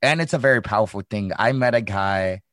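A man's voice: fairly low pitch, fairly quick, a bit bright, no echo. A young man from the Midwest, a former fighter hosting a casual chat, rambling through stories with swearing and laughter. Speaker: podcast host, former fighter.

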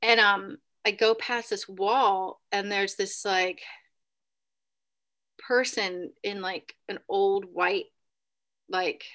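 A woman recounts a spooky hotel stay in relaxed, rambling talk, leaning on "like" and "right?". Her voice is bright and clear at a middling pitch, and she jumps high when she acts out a cry or a quote. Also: slow pace, pauses often. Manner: animated, acts out quotes with sudden high bursts; many fillers like "like" and "right?". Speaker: podcast guest. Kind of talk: casual storytelling.

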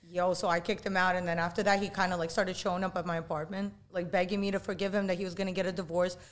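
A woman's voice: fairly low pitch, level tone, fast talker. A young woman, a guest, telling personal stories in blunt, casual slang. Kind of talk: casual storytelling.

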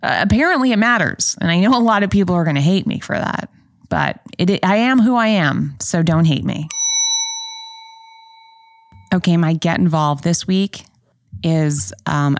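Woman podcast host, young adult, chatty and candid, lowish voice, dry close sound. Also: measured pace, no echo. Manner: chatty, candid storytelling with playful asides. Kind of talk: casual solo podcast chat.

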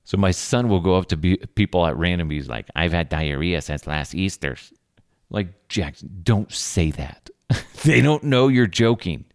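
A man's voice: low voice, normal speed, gravelly, dry recording, clean studio sound. A man in his thirties hosting a podcast, telling rambling stories about his kids in a casual chat. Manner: rambling, animated storytelling with laughs. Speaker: podcast host.

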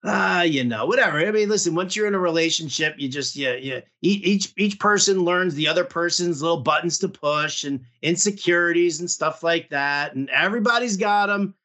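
Co-host, high bright male voice, rambling casual chat with lots of fillers. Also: normal speed, hardly any pauses.

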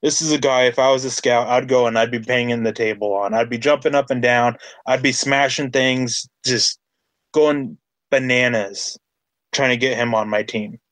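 A man's voice: mid-range voice, steady tone, moderate pace, a bit bright, no echo. A man hosting a casual sports podcast, talking with enthusiasm and building his points with repeated phrases. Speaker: podcast host.

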